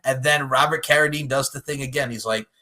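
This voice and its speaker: A man's voice: medium pitch, fairly even intonation, a little fast, noisy background. A man co-hosting a podcast, casually recapping a movie with lots of laughter and offhand swearing. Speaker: podcast co-host.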